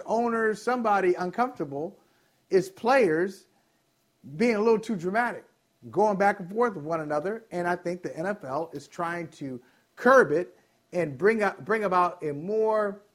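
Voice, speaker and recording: Sports radio co-host, man, higher-pitched, argues his point at length. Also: normal speed. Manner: argumentative, explaining in long runs.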